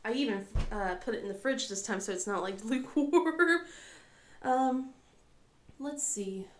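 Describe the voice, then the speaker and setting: A woman's voice: on the high side, unhurried, echoey room. A woman with a cold and a scratchy throat, chatting casually as a crafting vlogger, rambling with lots of ums and laughing often. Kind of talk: casual chat.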